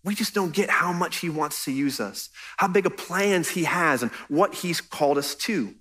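A man's voice: a little high, expressive, normal speed, fairly bright tone. A man preaching a sermon as pastor, earnest and conversational, pressing his points with emphasis.

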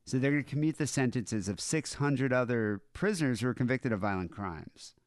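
A man's voice: medium pitch, expressive, a little fast, dry recording, clean studio sound. Wry laid-back man. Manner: laid-back, wry, reads news aloud. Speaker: podcast co-host. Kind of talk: casual comedic chat.

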